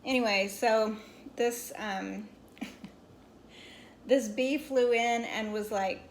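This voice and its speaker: A woman's voice: a little high, steady tone, extremely slow, pauses often, a little hiss or hum. A woman in her forties telling a rambling story to her viewers while she crochets at home, stopping now and then to scold a pet. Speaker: crochet vlogger. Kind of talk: casual storytelling chat.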